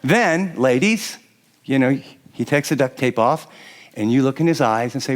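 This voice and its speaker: An older man preaching to a live audience, animated and conversational, often acting out what a husband or wife might say, with frequent restarts. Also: mid-range voice, moderate pace. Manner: animated, acts out quoted spouses, frequent restarts. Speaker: pastor. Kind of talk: sermon teaching to a live audience.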